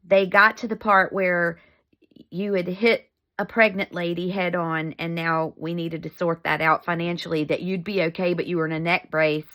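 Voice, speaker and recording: A woman's voice: on the low side, level tone, moderate pace, pushed and bright. A middle-aged woman telling a family story in a casual vlog, chatty and laughing often.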